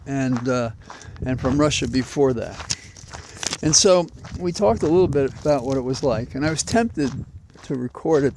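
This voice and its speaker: A man talking into a portable mic while out on a walk, rambling and reflective with many pauses. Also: medium pitch, darkish tone, a little hiss or hum. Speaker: vlogger. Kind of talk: walking commentary. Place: outdoors on a walk. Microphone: portable mic carried while walking.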